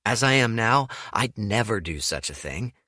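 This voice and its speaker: A male narrator voicing a sly young man who talks smoothly and plays innocent, as an audiobook character. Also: on the low side, animated, moderate pace, bright, forceful tone, no room sound, clean studio sound. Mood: mock-innocent. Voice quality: smooth, wheedling.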